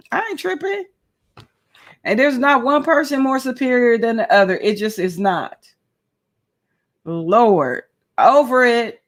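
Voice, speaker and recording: Chatty woman live-streaming, calling listeners honey. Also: mid-range voice. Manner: animated, laughs often, calls listeners honey and child. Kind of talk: casual live chat.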